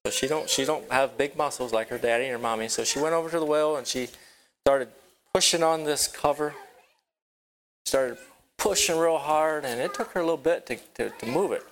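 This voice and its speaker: A man of middle pitch tells a Bible story to young children in a children's lesson. He stops and starts, repeats words and keeps checking in with the kids by asking them questions. A faint hiss sits under his voice. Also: fairly quick, fairly bright tone, poor audio. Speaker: children's teacher. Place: rural property with a barn.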